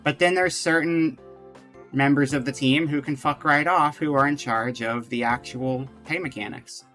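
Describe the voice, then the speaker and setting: A man streams a game live, chatting with his viewers and reading the on-screen text aloud. His voice is bright and forward, at an ordinary pitch for a man. Faint music plays underneath. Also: normal speed. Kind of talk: casual live game commentary.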